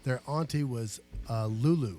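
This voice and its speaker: A man's voice: mid-range voice, measured pace, dark tone. A man, a guest musician, chatting casually in a music studio, easygoing and rambling, with fillers and restarts. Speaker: guest musician, guitarist and singer.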